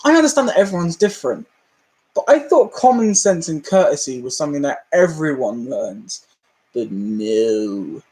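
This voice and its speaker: High-voiced British man ranting on a live stream. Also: darkish tone. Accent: British English. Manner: ranting, laughs often, acts out other people. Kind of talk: casual live-stream chat.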